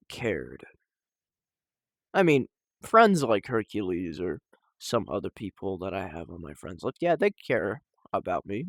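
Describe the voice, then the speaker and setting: A young man talking casually and personally to the camera at home, halting and emotional, with sighs and restarts. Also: fairly low pitch, no echo, clean studio sound. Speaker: vlogger.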